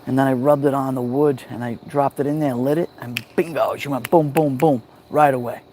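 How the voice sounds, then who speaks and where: A man with a New York accent hosting a relaxed livestream from a backyard fire pit at night, greeting viewers by name on a phone. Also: mid-range voice, a little fast, a little hiss or hum. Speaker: livestream host. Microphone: phone held near the fire.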